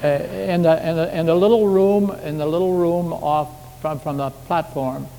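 A man's voice: a little high, fairly even intonation, moderate pace, vocal fry, warm tone. A man preaching a sermon as pastor, in a folksy, conversational way full of homely anecdotes, recorded in a church sanctuary. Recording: echoey hall with faint background hiss.

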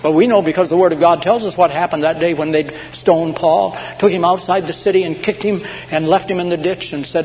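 A man with a somewhat high voice preaches a sermon, his words trailing off into a long hall reverb. He tells his stories dramatically, drawing out big declarations, then dropping to a hush. A faint hum sits under the recording. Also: fairly even intonation. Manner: dramatic storytelling, swinging between loud, slow proclamations and hushed asides. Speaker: pastor.

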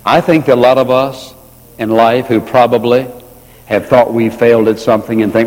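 A man preaching a sermon in an earnest way, slowing down and repeating key phrases for emphasis. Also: mid-range voice, fairly even intonation, darkish tone. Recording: long reverb of a large hall.

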